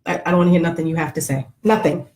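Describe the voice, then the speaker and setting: A woman's voice: fairly low pitch, very fast, darkish tone. A middle-aged woman vlogger chatting casually to live viewers, joking and greeting them by name.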